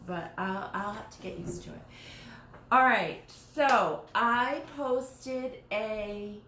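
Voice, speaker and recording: A woman hosting a casual live stream from her dining room, chatting in a rambling way and often restarting her sentences. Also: medium pitch. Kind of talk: casual live-stream chat while crafting. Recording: roomy echoey home room, faint noise.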